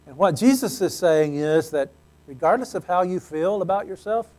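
A man with a fairly high speaking voice delivers a sermon from the pulpit. He keeps it conversational, dropping in light jokes between his points. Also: lively intonation, normal speed, a little mellow. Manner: conversational, with joking asides. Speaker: pastor.

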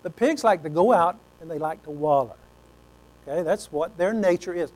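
A man's voice: a little high, moderate pace, a little mellow, low-quality recording. A man preaching a sermon in a folksy, conversational storytelling way.

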